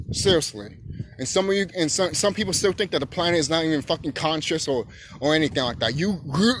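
High, animated man ranting profanely. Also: a little hiss or hum. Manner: profane, emphatic, swings into shouting. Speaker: YouTube channel host. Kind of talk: unscripted ranting monologue.

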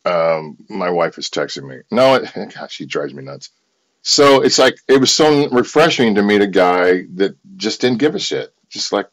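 A man's voice: deep voice, moderate pace, low-quality recording. A middle-aged American man hosting a livestream, chatting casually in a rambling, profane way. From United States. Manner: profane, rambling, animated storytelling. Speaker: livestream host.

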